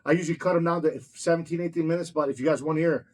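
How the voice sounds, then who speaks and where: A fast-talking man tells his stories in a loose, casual chat. His voice is a little husky and sits somewhat high for a man. He is blunt, heated and swears constantly. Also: fairly even intonation. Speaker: storyteller recounting his own run-ins.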